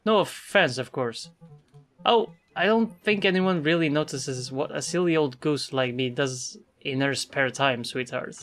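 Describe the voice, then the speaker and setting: A woman's voice: rumbling low, a little slow, faint music behind. A woman voicing game dialogue for a condescending older female coworker who calls everyone sweetie. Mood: sweetly menacing. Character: sugary, sharp-tongued older woman coworker.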